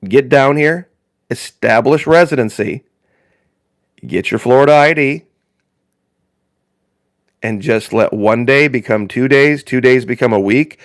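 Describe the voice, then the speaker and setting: A man's voice: medium pitch, a little slow, long pauses, no echo, clean studio sound. A man from northern Indiana hosting a live stream in casual chat, rambling in a folksy way and repeating phrases for emphasis.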